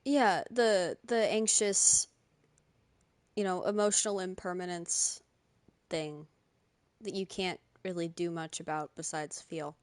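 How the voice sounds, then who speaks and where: A woman's voice: fairly low pitch, fairly even intonation, slow, dry recording. Giggly young woman streamer, dry sound. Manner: chatty, giggly, talks to chat. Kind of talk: casual live-stream chat.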